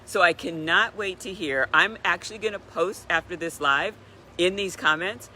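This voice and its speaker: A woman in her sixties telling a story in a chatty, animated way, giving a motivational talk on a live stream. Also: on the low side, moderate pace, a little hiss or hum. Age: 60s. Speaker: wellness speaker.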